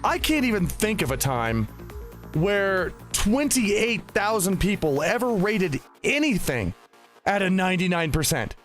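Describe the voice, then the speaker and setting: Male podcast host, high voice, loose rambling chat, quick to laugh. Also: sing-song, fairly bright tone, faint music behind. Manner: chatty, laughs often, rambling restarts.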